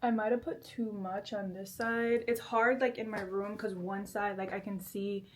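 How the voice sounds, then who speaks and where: Sitting in her bedroom, a twenty-something vlogger does her makeup and chats casually, giggling and making self-deprecating remarks. Her medium-pitched voice is flat in delivery and moves at normal speed, with a little hiss or hum in the recording.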